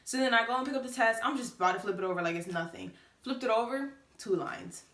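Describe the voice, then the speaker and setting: A woman's voice: on the high side, lively intonation, quick pace, a bit bright, reverberant. A late-teen woman telling a personal story to the camera, chatty and casual with many fillers. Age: late teens. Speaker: vlogger.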